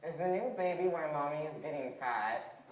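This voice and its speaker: A woman's voice: low voice, animated, normal speed, very noisy. A teenage female student actor playing a mischievous little boy who pesters his dad. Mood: whiny. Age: teens. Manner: whiny and pestering. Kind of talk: stage play acting. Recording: echoey stage audio.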